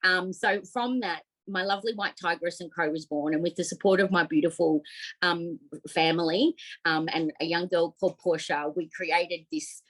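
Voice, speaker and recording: A middle-aged Australian woman telling her story as a podcast guest, heartfelt and animated, with many fillers. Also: lowish voice, normal speed, low-quality recording. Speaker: podcast guest, op shop owner. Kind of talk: casual interview storytelling.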